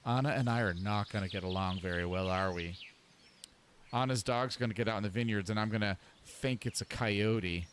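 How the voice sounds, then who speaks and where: A man's voice: on the low side, normal speed, fairly bright tone, a little hiss or hum. A man in his forties giving easygoing, self-mocking commentary while playing a game. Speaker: gaming channel host. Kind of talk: casual gameplay commentary.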